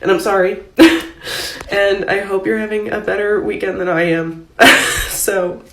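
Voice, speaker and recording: A woman crying through a halting confessional vlog, filling her speech with pauses and fillers. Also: medium pitch, steady tone, distant mic. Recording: echoey room.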